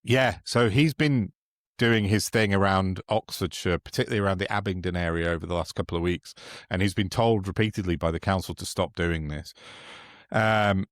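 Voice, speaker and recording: A man's voice: low-pitched, normal speed, dry recording, studio quality. A man co-hosting a podcast, telling stories in a mocking, sweary, casual way. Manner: sweary, mocking, chatty storytelling. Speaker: podcast co-host. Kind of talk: casual political chat.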